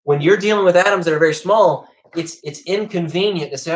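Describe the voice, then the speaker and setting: Man, teacher, casual livestream lesson, raised pitch, roomy echo. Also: quick pace, few pauses. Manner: chatty, keeps checking in with okay. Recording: echoey room.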